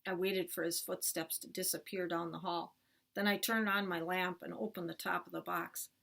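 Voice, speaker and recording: A woman teacher reading a chapter book aloud to children, clear and expressive. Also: lowish voice, normal speed.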